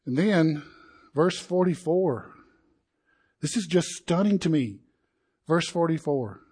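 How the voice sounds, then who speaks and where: Husky high-pitched guy preaching a sermon, really animated, does the crowd voices. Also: slow pace. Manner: animated, acts out crowd voices with rising indignation.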